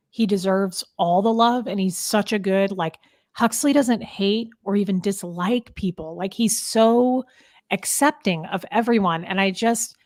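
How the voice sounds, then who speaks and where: A woman's voice: medium pitch, no room sound. Thirties woman hosting, pours her heart out, trails off a lot, dead dry audio. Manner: heartfelt, emphatic, trailing off into restarts. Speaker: host. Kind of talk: emotional casual chat.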